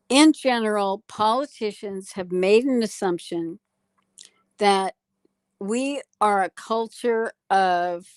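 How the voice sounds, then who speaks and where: A woman, a psychologist guest on a talk show, speaking in a slow, deliberate way with emphatic pauses. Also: medium pitch, no echo. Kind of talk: political talk show conversation.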